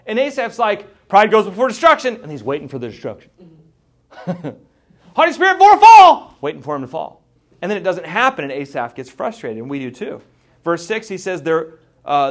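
A man preaching a sermon in an animated, conversational way, acting out voices as he teaches. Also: mid-range voice. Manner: animated, mimics voices, laughs.

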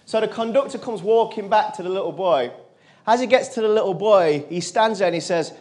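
A motivational speaker addresses a crowd. His voice sits fairly high for a man, and he talks earnestly, sinking low and quiet when he quotes other people. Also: brisk. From England. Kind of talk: storytelling speech to an audience.

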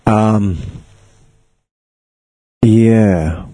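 Rambling storyteller man, husky and dry. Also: on the low side, extremely slow, dark tone, dry recording. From South Africa. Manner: rambling storyteller, joking, many fillers. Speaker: actor and podcast guest. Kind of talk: casual chat.

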